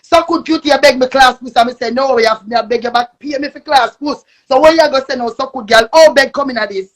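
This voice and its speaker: A young woman with a Jamaican accent ranting angrily on a live stream, cursing and shouting. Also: high-pitched, fast. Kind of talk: angry live-stream rant.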